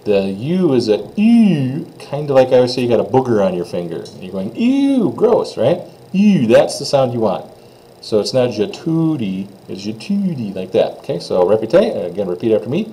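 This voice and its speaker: A man teaching French pronunciation, saying phrases slowly for students to repeat and explaining the sounds in plain, encouraging words. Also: mid-range voice, very animated, dark tone, a little hiss or hum, poor audio. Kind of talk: classroom pronunciation lesson.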